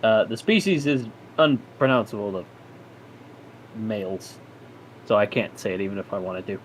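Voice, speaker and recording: A man's voice: lowish voice, animated, normal speed, a little hiss or hum, natural voice. A man voicing an awkward uncle who hesitates and stumbles with fillers as he hands over a gift. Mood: fumbling, sheepish.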